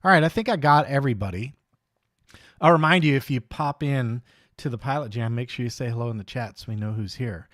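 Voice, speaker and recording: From his home studio desk, a man hosts a live radio-control hobby show, upbeat and casual as he greets viewers one by one. His mid-range, fairly bright voice moves a little fast, with clean studio sound and no room tone.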